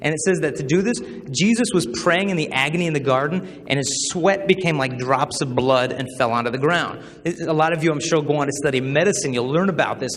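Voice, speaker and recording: Guy telling funny stories to a crowd of students, bit high voice, long echo in a big hall. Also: a little fast, few pauses, slight background noise. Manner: animated storytelling, acts out voices. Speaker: chastity speaker. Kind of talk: humorous public talk to students.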